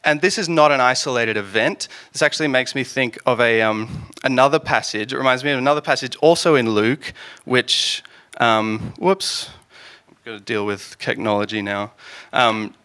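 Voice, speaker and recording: Bright-voiced man preaching casually. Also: mid-range voice, normal speed, clear, resonant tone. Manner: chatty, joking, lots of ums and restarts. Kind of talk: casual conversational sermon.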